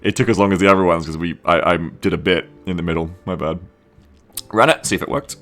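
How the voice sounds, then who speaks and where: A man's voice: sits low, fast talker, faint music behind. A man live-streaming while he codes a game mod. He chats casually, reads viewer comments aloud, swears freely and pokes fun at himself. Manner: relaxed, self-mocking, swears casually, reads chat aloud.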